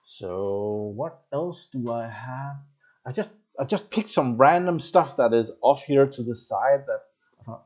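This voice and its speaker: A man's voice: medium pitch, expressive, measured pace, a little mellow, muffled recording. Chatty man on a live stream. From Denmark. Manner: rambling, chatty, reads and greets viewers' comments. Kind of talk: casual live stream chat. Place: home, near a basement workshop.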